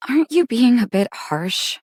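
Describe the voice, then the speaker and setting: A gentle, uneasy ex-idol. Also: female voice, fairly high pitch, breathy edge, no echo, exaggerated voice. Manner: hesitant, soft, sighing. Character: gentle, conflicted young woman ex-idol. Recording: dry close studio recording.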